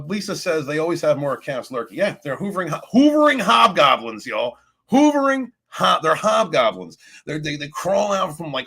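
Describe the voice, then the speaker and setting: A man's voice: on the high side, vocal fry, sharp tone, slightly rough. A man hosting a casual motivational livestream who talks in a rambling, profane way with many restarts. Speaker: livestream host, abuse recovery talker.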